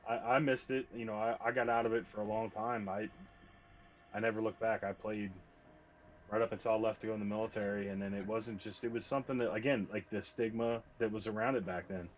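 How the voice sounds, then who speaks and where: A low-voiced man tells stories in casual chat, restarting his sentences and swearing for punch. He comes across as a game master reminiscing with a player. The sound is somewhat muffled and lo-fi. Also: steady tone, brisk, a little hiss or hum. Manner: storytelling, swears for emphasis, self-interrupting. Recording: slightly muffled lo-fi stream audio.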